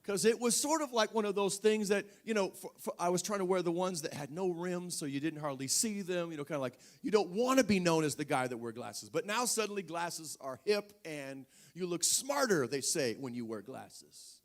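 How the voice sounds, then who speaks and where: A man's voice: high voice, expressive, normal speed, few pauses. A male preacher telling a personal story in a sermon, talking conversationally with frequent restarts and fillers.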